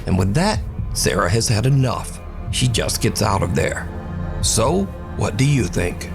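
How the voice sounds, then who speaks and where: A man's voice: fairly low pitch, big pitch swings, a little slow, creaky. A man giving scripted narration of scary video clips, with a dramatic storytelling delivery. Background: music.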